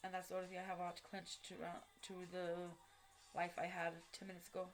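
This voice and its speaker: A woman telling a personal story straight to camera, blunt and heavily profane, halting and restarting as she goes. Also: lowish voice, completely flat delivery, faint music behind. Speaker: vlogger recounting a personal story.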